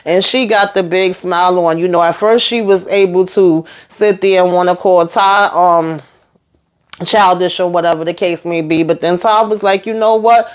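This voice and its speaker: A woman's voice: lowish voice, steady tone, moderate pace, smooth. Sassy woman recapping reality TV. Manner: sassy, opinionated, chatty. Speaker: reality show recap host. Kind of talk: casual commentary on a reality TV episode.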